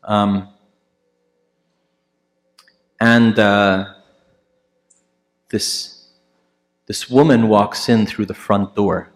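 A man, a priest, telling a story in a sermon, conversational, with many fillers and restarts, acting out the people he quotes in louder, higher voices. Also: fairly even intonation, very slow.

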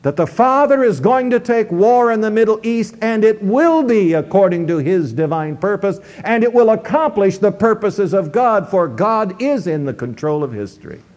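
A man's voice: high-pitched, sing-song, normal speed, few pauses, a little mellow. A man pastor preaching a sermon, teaching verse by verse with sweeping rises and drops in his voice. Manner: teaching, walking through scripture verse by verse.

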